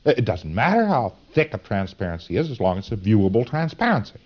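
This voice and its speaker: A man's voice: fairly low pitch, big pitch swings, fast talker, muffled recording. A man giving a lecture to students in a folksy, emphatic, digressive way.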